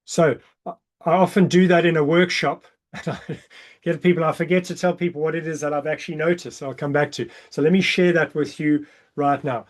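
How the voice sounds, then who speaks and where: Over a video call, a breathwork coach walks participants through exercises, explaining each one before counting the breaths. His counting is slow and calm, sinking into a soft, low tone.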